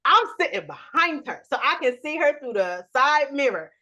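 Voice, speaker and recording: A woman from New York co-hosting a podcast, telling an animated, explicit family story and acting out the quotes. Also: high voice, moderate pace. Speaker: podcast co-host. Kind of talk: casual storytelling chat.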